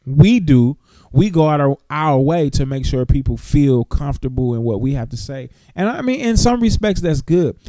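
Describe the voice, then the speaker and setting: A man hosting a morning talk show, talking casually with animated emphasis. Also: on the high side, moderate pace, no room sound.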